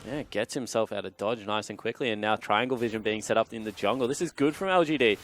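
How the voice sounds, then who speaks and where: A man's voice: lowish voice, fast talker, slight background noise. A man giving casual, analytical color commentary on an esports match. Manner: relaxed analytical, casual fillers.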